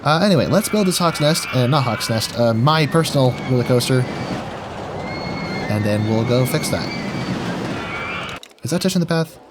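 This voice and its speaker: A man's voice: mid-range voice, lively intonation, normal speed, long pauses, noisy background. A man giving goofy, jokey gameplay commentary while talking to himself as he plays. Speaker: gaming video host.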